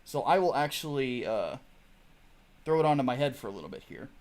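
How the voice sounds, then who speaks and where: A man's voice: mid-range voice, expressive, brisk, darkish tone. A man hosting a casual livestream, ranting in a chatty, digressive way and swearing freely. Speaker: host.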